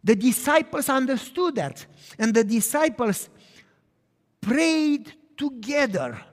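Earnest male preacher, higher voice, emphatic then hushed; recorded with long hall reverb. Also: sing-song, slow pace. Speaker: pastor. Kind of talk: sermon.

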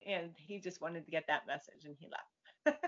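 A psychic medium, appearing as a woman guest, chats casually and acts out voices as she tells stories. Her voice is fairly low, expressive and a bit bright, at a normal speed. The audio is dull lo-fi.

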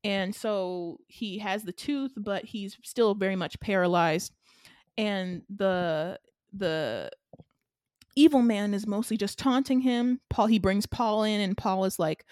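A woman co-hosting a casual chat, recapping a film in an animated, rambling way with lots of fillers. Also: medium pitch, unhurried, no room sound, studio quality. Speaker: podcast co-host.

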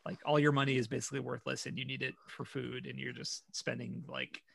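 A man co-hosting a casual podcast, joking and rambling quickly. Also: mid-range voice, little pitch movement, gravelly, fairly bright tone, a little hiss or hum. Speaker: podcast co-host. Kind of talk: casual chat.

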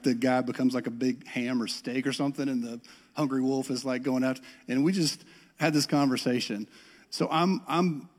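A middle-aged man from the US South with a Southern accent, telling a self-deprecating personal story in a sermon. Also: medium pitch. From Metro Atlanta, US South. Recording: long reverb of a large hall.

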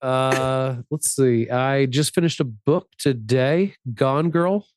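A man's voice: medium pitch, slow pace, no echo, studio quality. A man co-hosting a podcast in casual chat, rambling with lots of fillers and frequent laughs. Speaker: podcast co-host.

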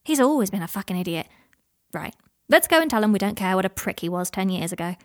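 A woman's voice: mid-range voice, lively intonation, fast, lightly acted. A woman voicing a blunt, teasing, foul-mouthed young woman in a read-aloud story. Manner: brash and teasing.

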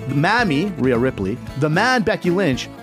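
Lively, playful man posing questions. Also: a little high, moderate pace, music in the background. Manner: playful, emphatic, quizmaster-like. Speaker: co-host. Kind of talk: casual sports chat.

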